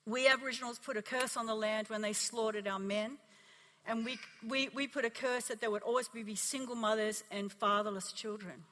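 Australian woman pastor, high and bright voice, lively testimony sermon, long church reverb. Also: a little fast. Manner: animated storytelling, acting out quotes.

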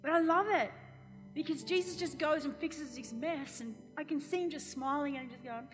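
A woman pastor preaching a sermon, telling a story with animated acted-out quotes. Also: high voice, normal speed, in a large hall, soft background music.

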